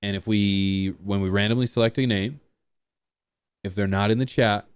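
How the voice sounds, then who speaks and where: Speaking at a normal speed in a smooth, lowish voice with fairly even intonation, a streamer from a small rural town chats with his partner and viewers. His livestream talk is rambling and jokey, full of self-mockery, and there's no room sound.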